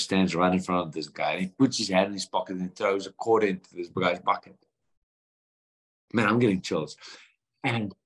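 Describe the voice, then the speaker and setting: South african man, thirties, earnest storyteller, lowish voice, acts out quotes. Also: slightly rough. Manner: earnest, animated retelling with quoted dialogue. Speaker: guest boxer. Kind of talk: storytelling in a podcast interview.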